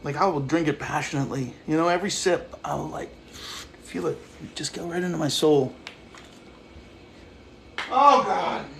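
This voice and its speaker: A man's voice: fairly high pitch, lively intonation, moderate pace, gravelly, pauses often, a bit bright. A man livestreaming a casual, profane rant, agitated and talking straight to his chat. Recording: echoey room with faint noise.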